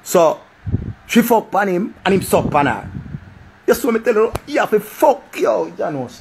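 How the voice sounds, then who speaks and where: A man's voice: high voice, normal speed, gravelly, background noise. A man with a Jamaican accent giving casual, profane commentary. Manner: animated, repetitive, profane. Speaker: vlogger.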